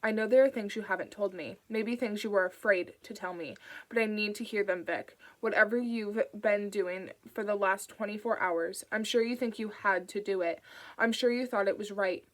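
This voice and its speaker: A woman voicing a calm, patient woman investigator who speaks in a coaxing, steady way in an audiobook. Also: mid-range voice, moderate pace, close to an everyday voice.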